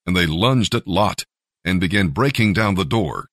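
Low, expressive male narrator. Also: moderate pace, no echo, clean studio sound. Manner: expressive storytelling. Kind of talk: scripture reading.

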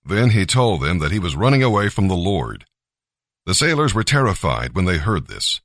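A man narrating a scripture story in a measured, expressive reading. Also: low voice, no room sound, clean studio sound.

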